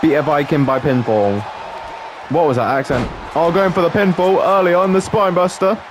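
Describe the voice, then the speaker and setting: A man's voice: a little high, fairly even intonation, moderate pace, background noise. A man giving casual, joking let's-play commentary, laughing often and calling people mate. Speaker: gameplay commentator.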